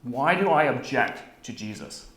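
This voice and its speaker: A man's voice: mid-range voice, expressive, measured pace, a bit bright. Conversational male lecturer in an echoey room. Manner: conversational, repeats words, often asks "right?". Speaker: conference speaker, Bible professor. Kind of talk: conference teaching talk. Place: conference room. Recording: roomy hall echo.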